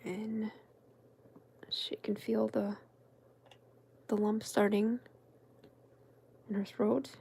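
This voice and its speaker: A woman crafting-channel host who tells a meandering story in a soft, chatty whisper. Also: mid-range voice, level tone, very slow, vocal fry, pauses often, breathy edge.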